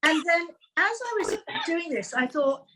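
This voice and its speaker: A woman's voice: very high-pitched, animated, unhurried, bright, forceful tone, a little hiss or hum. An older woman co-host, telling a story in a chatty way and stumbling over her words. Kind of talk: casual chat.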